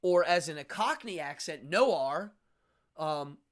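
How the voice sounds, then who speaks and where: A man's voice: fairly high pitch, lively intonation, measured pace. A middle-aged man hosting a casual livestream, chatting and rambling to viewers and reading their comments aloud. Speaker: livestream host.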